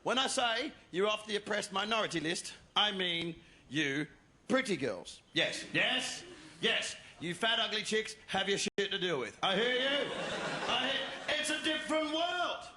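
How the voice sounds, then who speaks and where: A high-voiced man a stand-up comedian rants crudely and provocatively from a stage, often shouting. His voice rings through a roomy live venue, and steady room noise sits clearly behind him. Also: unhurried. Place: stage before a live audience.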